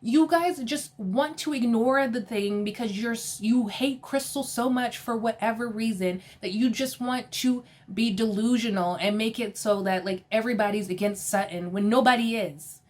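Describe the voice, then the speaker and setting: A woman recapping a reality show in a casual, opinionated way, animated and sassy, often laughing and quoting people in exasperated voices. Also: a little high, normal speed, few pauses.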